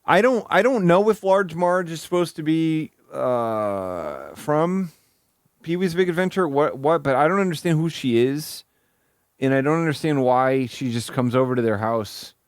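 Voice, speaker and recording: A man's voice: a little high, lively intonation, measured pace, clear, resonant tone, dry recording, clean studio sound. A man streaming casual reaction commentary, puzzling aloud over jokes and picking them apart.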